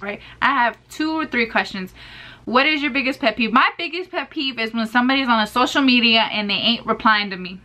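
Chewing gum, a twenty-one-year-old beauty vlogger answers get-to-know-me questions in a sassy, casual video, tossing playful asides to her viewers. She speaks in a slightly high, sharp voice, a little fast.

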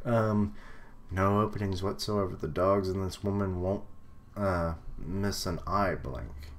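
A man's voice: low-pitched, measured pace, slight background noise. A young man reading manga panels aloud and commenting in a casual live reaction, with frequent fillers and little laughs.

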